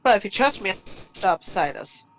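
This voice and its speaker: Tabletop role-play: a woman playing a blunt, defensive street-hardened woman, sharp bright tone. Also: medium pitch, expressive, normal speed, natural voice, low-quality recording.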